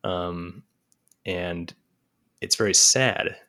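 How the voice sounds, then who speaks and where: A man talking as a guest on a podcast in casual conversation, animated and quick to mimic other voices. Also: sits low.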